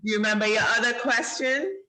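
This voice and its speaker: A woman's voice: a little high, fast, sharp tone, slight background noise, low-quality recording. A woman hosting a live-streamed children's show over a video call, chatty and encouraging. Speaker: host of a kids' show.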